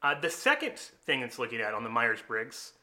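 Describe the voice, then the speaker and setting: A man hosting a casual chat, explaining personality types as an animated storyteller who chuckles often. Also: medium pitch, moderate pace.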